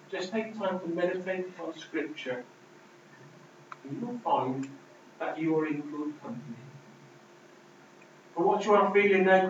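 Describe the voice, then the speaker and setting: A man's voice: a little high, slight background noise. Man preaching in an echoey hall. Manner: emphatic, dramatic shifts between loud and hushed. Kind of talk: sermon. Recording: distant, roomy, dull hall recording.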